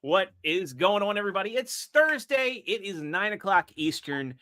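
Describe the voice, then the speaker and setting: A man's voice: high voice, very animated, normal speed, bright, forceful tone. A man hosting a casual podcast, rambling through a joke and reading out viewer chat. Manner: rambling, joke-telling, reads chat aloud. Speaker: podcast host.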